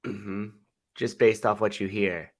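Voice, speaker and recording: A man's voice: on the low side, fairly even intonation, slow pace. Agreeable male podcast co-host. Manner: agreeable, chimes in with short replies. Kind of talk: casual chat.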